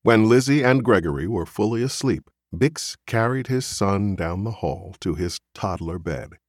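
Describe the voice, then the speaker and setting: A man narrating a literary novel as an audiobook reader, in a measured, expressive storytelling manner. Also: on the low side, dry recording, clean studio sound.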